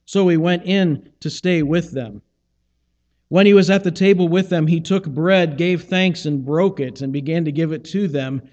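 A man's voice: fairly high pitch, normal speed, a little mellow, in a large hall, highs cut off. A man preaching a conversational sermon, acting out the lines of biblical dialogue as he retells them. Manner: conversational, acts out scripture dialogue. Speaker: pastor.

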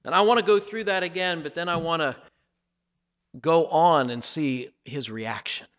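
A man preaching a sermon, reading scripture dramatically and swinging between loud passages and hushed ones. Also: a little high, moderate pace, big-room sound, highs cut off. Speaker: pastor.

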